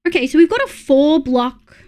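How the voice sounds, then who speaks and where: A young Australian woman talks her way through a game on a live stream, half to her viewers and half to herself. Her voice sits a little high, and she swears freely whenever something goes wrong. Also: very animated, moderate pace, darkish tone. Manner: chatty, muttering to herself, swears when annoyed. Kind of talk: casual live-stream chat while gaming.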